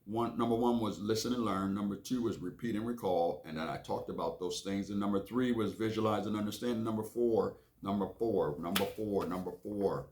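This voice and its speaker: A man's voice: on the low side, a little fast, few pauses, darkish tone, slight background noise. A man who hosts a reading lesson, reading aloud and stopping casually to define words, often repeating himself. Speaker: reading teacher and host. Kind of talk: reading aloud and explaining vocabulary.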